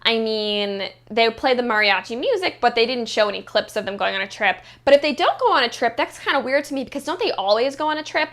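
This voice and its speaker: A woman's voice: a little high, a bit bright. A woman vlogger giving a blunt, profane, sassy recap of a reality show, peppered with "like". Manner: blunt and profane, heavy use of "like"; sassy, mocking commentary. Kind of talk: casual reality-show review monologue.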